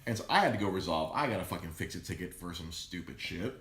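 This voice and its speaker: A man co-hosting a podcast, telling a long story in a loose, animated way, swearing constantly and acting out the people he quotes. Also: low-pitched, quick pace, roomy sound. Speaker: podcast co-host. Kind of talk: casual profane storytelling. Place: podcast studio in a comic shop.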